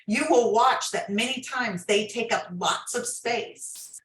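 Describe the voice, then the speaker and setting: A woman's voice: on the high side, slow, a bit bright, echoey room, rough recording. A woman author, a guest on an interview podcast, explaining advice in a coaching tone. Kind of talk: interview, giving workplace advice.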